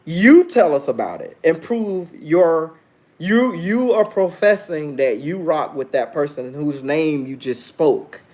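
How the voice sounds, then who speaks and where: A man in his thirties hosts a casual livestream, talking brashly and preaching at viewers while challenging chat to answer him. His voice is a little high and darkish in tone, animated yet slow.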